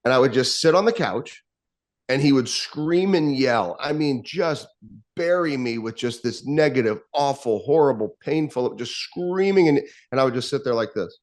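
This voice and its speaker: A man guest recalling a personal story, earnest and reflective. His voice sits at an everyday middle pitch. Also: animated, normal speed.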